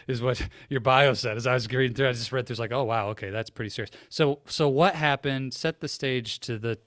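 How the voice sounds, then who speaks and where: A man's voice: medium pitch, brisk, fairly bright tone, no echo, clean studio sound. A man hosting an interview podcast, asking earnest, reflective questions. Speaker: podcast host. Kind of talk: interview conversation.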